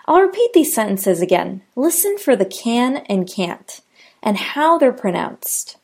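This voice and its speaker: Slow, careful American woman teacher. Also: fairly high pitch, big pitch swings, gravelly, darkish tone, breathy edge. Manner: slow, careful enunciation of example sentences. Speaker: pronunciation teacher. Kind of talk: scripted pronunciation lesson.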